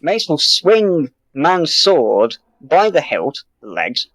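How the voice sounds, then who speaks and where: A man with a British accent pitching a silly idea in a comedy sketch, mock-formal and halting, with many ums and restarts. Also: sing-song, a bit bright, no echo, poor audio.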